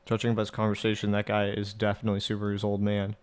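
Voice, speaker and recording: A man's voice: lowish voice, monotone, fast, clean tone. A man casually reading and translating a visual novel aloud, with swearing asides. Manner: casual, swearing asides between read lines. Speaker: let's play narrator.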